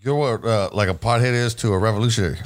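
A man's voice: lowish voice, fast. A man hosting a podcast, trading loose, profane banter in casual chat. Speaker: podcast host. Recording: noisy podcast recording.

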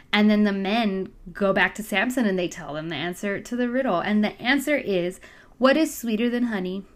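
Young adult woman, casual storyteller, lively and slangy, middle pitch. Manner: chatty, animated, acts out voices with slang. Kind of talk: casual Bible story retelling.

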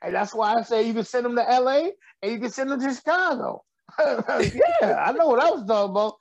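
A man's voice: extremely high pitch, expressive, brisk, gravelly, no echo, lo-fi sound. A middle-aged man, a comedian guest telling stories with frequent laughs. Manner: laughs often, loose storytelling delivery. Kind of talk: joking radio interview chat.

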